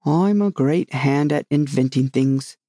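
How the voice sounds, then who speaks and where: A reader voicing a solemn, rambling knight who loves his inventions, speaking gravely and earnestly in a storybook reading. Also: mid-range voice, unhurried, mellow, dry recording, studio quality, natural voice.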